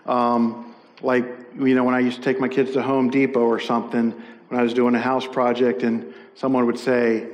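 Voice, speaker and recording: A man's voice: mid-range voice, level tone, normal speed, muffled recording. Man preaching a sermon in a reverberant hall. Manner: conversational, with frequent fillers and self-corrections. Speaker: pastor.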